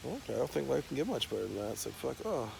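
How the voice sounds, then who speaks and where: Gravelly, mid-pitched man for a loose, profane, rambling monologue to camera. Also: sing-song, very fast, a little hiss or hum. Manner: rambling, profane stream of talk.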